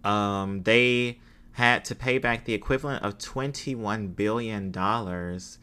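A man's voice: on the low side, slow pace, pushed and bright, clean tone. A man giving a casual spoken history talk, hesitant, with frequent fillers and self-deprecating asides.

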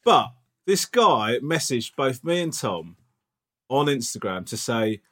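A man with a medium-pitched, sharp-toned voice speaks slowly in a sing-song way. As a podcast co-host, he chats casually and teases his friend with jokey, comedic banter.

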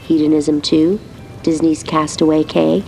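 A woman voicing a sassy female yacht computer that is bossy and quick to scold. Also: deep voice, level tone, vocal fry, a little mellow, soft background music, low-quality recording.

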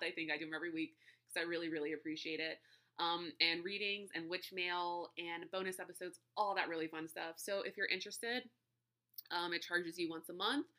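A woman's voice: lowish voice, pushed and bright. A woman hosting her own podcast, talking casually and effusively straight to her listeners, laughing often and dropping in slang like y'all. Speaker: podcast host. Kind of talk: casual solo podcast chat.

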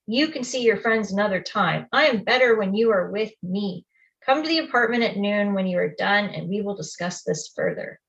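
This is a middle-aged mother who clings to her daughter and begs her to come home. A woman narrator reads her close to her own voice, soft and pleading. It is read within a spoken personal story. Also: mid-range voice, expressive, brisk, vocal fry, hardly any pauses, lo-fi sound. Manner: pleading, needy.

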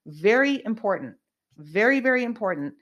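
A woman's voice: mid-range voice, big pitch swings, moderate pace, a bit bright, highs cut off. A woman hosting her own show, talking casually in a rambling, emphatic way with lots of ums and uhs. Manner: rambling, emphatic, with many fillers. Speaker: podcast host. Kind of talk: casual monologue.

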